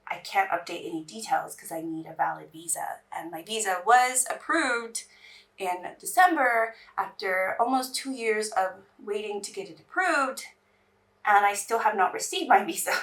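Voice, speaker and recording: A woman's voice: medium pitch, normal speed, a bit bright, distant mic. A woman from England, chatting in a rambling way while doing her makeup on camera. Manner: chatty, rambling, restarts sentences. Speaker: beauty vlogger.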